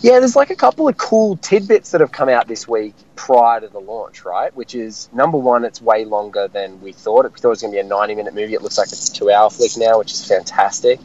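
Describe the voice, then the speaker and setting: Brief: male film critic, eager and rambling, lowish voice, muffled lo-fi radio sound. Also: fairly quick, few pauses. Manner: excited, rambling with fillers. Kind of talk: casual radio chat.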